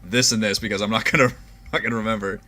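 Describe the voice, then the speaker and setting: A man narrating and running a tabletop game as dungeon master, relaxed and laughing often. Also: on the low side, fast talker.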